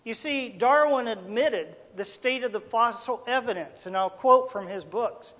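A man with a very high voice preaches a sermon, folksy and emphatic, calling out to his listeners as folks. His voice rings with the long reverb of a big hall. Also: measured pace, pushed and bright.

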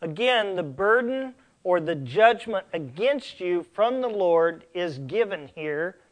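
A middle-aged man preaching a sermon as pastor, slow and emphatic, asking the congregation rhetorical questions. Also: high voice, animated.

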